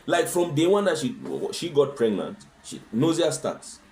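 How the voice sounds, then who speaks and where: A man's voice: a little high, very animated, normal speed, a little mellow. A man talking as a guest in a conversational interview, earnest and fond of rhetorical questions. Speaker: husband sharing his experience as a guest.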